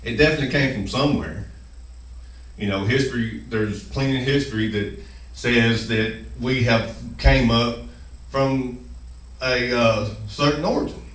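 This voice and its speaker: A man's voice: medium pitch, measured pace, fairly bright tone, roomy sound, distant mic, poor audio. A man hosting his own video channel, speaking nervously while chewing gum, with many fillers and restarts. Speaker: channel host. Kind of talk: nervous first-video monologue.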